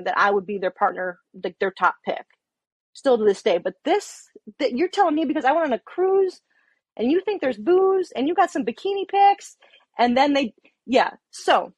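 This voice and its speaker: Her mid-range voice is slightly rough, recorded without room sound. She's a police officer with an underage daughter, telling a story in casual talk, cursing frequently and animatedly playing both parties in the conversations.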